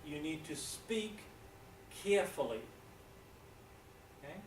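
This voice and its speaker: A male lecturer with a New Zealand accent talks slowly and deliberately in a slightly high voice. He checks in with his listeners again and again. The recording comes from a distant mic in an echoey room, with faint background hiss. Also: animated. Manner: deliberate, checks in with frequent "okay?". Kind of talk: classroom lecture.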